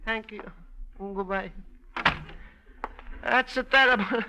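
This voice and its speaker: An actor playing an earnest, excitable Italian immigrant man in a 1940s radio comedy, with a thick Italian accent and broken English. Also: high voice, takes it slowly, creaky, noisy background, full character voice. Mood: dismayed. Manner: broken English, pleading and emotional.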